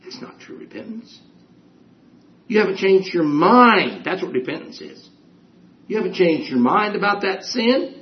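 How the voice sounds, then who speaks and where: A man's voice: high-pitched, sing-song, moderate pace, dull audio, slight background noise. A man preaching a sermon with emphasis, repeating his key phrases and acting out people's excuses.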